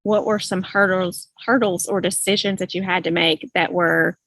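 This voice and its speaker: A woman's voice: fairly low pitch, steady tone, moderate pace, gravelly, fairly bright tone, dry recording. Woman host asking rambling questions. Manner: rambling, self-correcting questions full of fillers. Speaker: host, interviewer. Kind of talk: casual interview questions.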